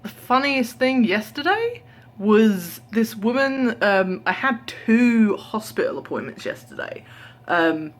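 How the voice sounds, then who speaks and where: Speaking slowly but very animatedly in a fairly high voice, a weary young vlogger from Britain chats to a camera held at arm's length at home. Her casual stories feature acted-out voices and the occasional whisper.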